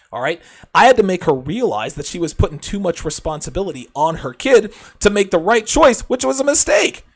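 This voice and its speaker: A man hosting a show, delivering a brash, crude, lecturing monologue straight to his listeners. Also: high-pitched. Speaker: podcast host.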